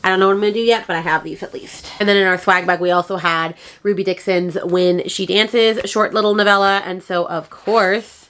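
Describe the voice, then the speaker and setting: A woman's voice: medium pitch, steady tone, a little fast, hardly any pauses, a bit bright. Gushing woman chatting in a book vlog. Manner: gushing and enthusiastic, rambling with fillers. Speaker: book vlogger. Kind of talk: casual book haul vlog.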